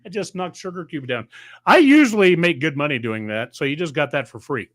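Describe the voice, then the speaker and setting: Middle-aged male podcast host, sweaty, teasing; slightly high bright voice, dry mic. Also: lively intonation, a little fast, no echo. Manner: joking, teasing banter. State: sweating in a hot room. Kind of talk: casual chat.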